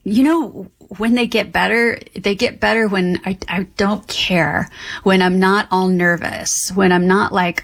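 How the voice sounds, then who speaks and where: A woman working as a psychic guest on a call-in radio show, giving gentle, earnest readings and answering questions. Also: mid-range voice, fairly even intonation, a little slow, gravelly, no room sound.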